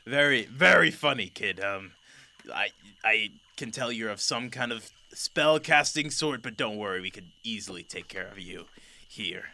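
An ancient lion king, voiced by a man, drawls each word slowly with lordly mockery. The tone is bright and forceful. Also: on the low side, animated, creaky, full character voice. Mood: amused, condescending. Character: very old, huge male lion king, slow and mocking.

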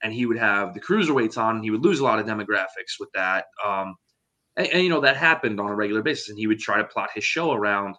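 A man co-hosting a podcast who explains things in a measured, conversational way. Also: lowish voice, animated, bright, forceful tone. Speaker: podcast co-host. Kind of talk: casual chat.

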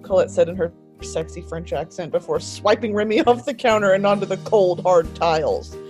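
A woman's voice: fairly low pitch, moderate pace, darkish tone, faint music behind. A woman guest chatting casually and reading a fan fiction aloud with mock intensity, laughing often.

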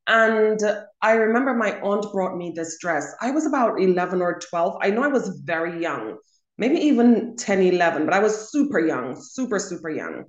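A woman's voice: mid-range voice, expressive, moderate pace, muffled recording. Emphatic woman telling a story, roomy sound. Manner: emphatic storytelling, repeats words for stress. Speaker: co-host. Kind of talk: casual chat. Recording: roomy echo.

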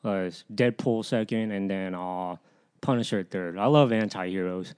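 A man's voice: low-pitched, normal speed, darkish tone, smooth. A man from the United States in casual chat, curious and full of questions, leaning on "like" and "you know".

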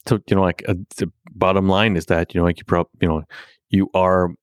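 This middle-aged man talks in a very low, smooth, resonant voice, stopping and restarting constantly and padding nearly every thought with filler words. The sound is dry and close, with no room around it. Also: flat delivery, no echo. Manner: halting, heavy filler words. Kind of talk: candid conversation.

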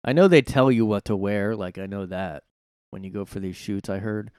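A man's voice: on the low side, moderate pace, darkish tone, clear, resonant tone, no echo, studio quality. Sarcastic rambling man ranting solo. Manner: rambling, sarcastic, swears freely. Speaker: podcast host. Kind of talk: casual solo commentary rant. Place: his own room at home.

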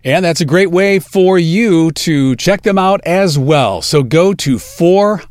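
A man hosting a podcast, talking casually and enthusiastically about food with drawn-out emphasis. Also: a little high, expressive, no echo. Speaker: podcast host.

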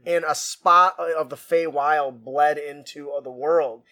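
A man's voice: on the high side, bright, forceful tone, dry recording. Self-deprecating man hosting a podcast. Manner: self-deprecating, laughs often. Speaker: podcast host and game designer. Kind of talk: casual podcast chat.

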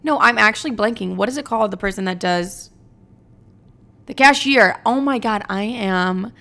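A young woman in her twenties hosts a casual confessional podcast, talking bluntly, swearing freely, and wandering from thought to thought. Her voice is mid-pitched with heavy, gravelly vocal fry. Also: moderate pace, pushed and bright. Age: 20s. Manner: blunt, profane and rambling. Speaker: podcast host.

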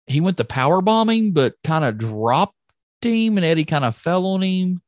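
A man co-hosting a podcast in casual chat, excitable and jokey, often trailing off and restarting. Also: sits high, normal speed, no room sound. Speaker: podcast co-host recapping wrestling.

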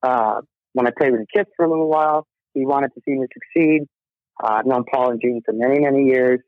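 A man's voice: mid-range voice, a little fast, no echo. Middle-aged musician guy telling stories, acts out everyones lines, dry tinny phone sound. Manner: animated, acts out quotes, laughs often. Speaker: guest rock musician. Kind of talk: casual storytelling interview.

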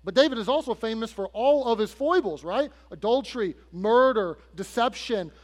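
A man's voice: animated, moderate pace. A man preaching a sermon as pastor, telling a story conversationally, speaking straight to the congregation and acting out the people in it. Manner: acts out quoted characters with shifts in pitch and loudness. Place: church sanctuary. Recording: long hall reverb with faint mains hum.

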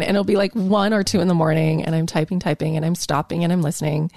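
A woman's voice: medium pitch, fairly even intonation, quick pace, few pauses, dark tone, no room sound, studio quality. A woman talking casually and emotionally as a podcast guest, gushing and rambling with many restarts and fillers.

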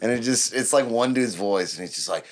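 A woman's voice: extremely low pitch, lively intonation, fairly quick, heavy background noise. A woman co-hosting a podcast, asking playful, teasing questions in casual chat. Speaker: podcast co-host.

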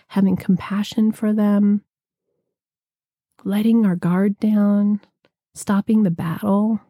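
A woman giving a gentle, reflective spiritual talk, slowing down to linger on lists of words. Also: medium pitch, dry recording, clean studio sound.

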